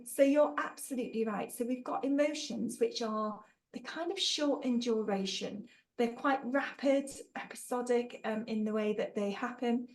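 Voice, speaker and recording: A woman trainer running an online workshop, with a fairly high voice and an upbeat, joking manner. She talks to participants in a friendly, encouraging way, reading out their answers and building on them. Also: a little mellow, poor audio. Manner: upbeat, jokey, reads out participants' chat answers.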